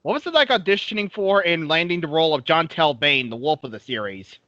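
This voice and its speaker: A man's voice: fairly high pitch, expressive, brisk, bright, forceful tone, no echo. A young man hosting an interview, asking questions in a casual, chatty way. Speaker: interviewer, host. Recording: dull, lo-fi, dry recording.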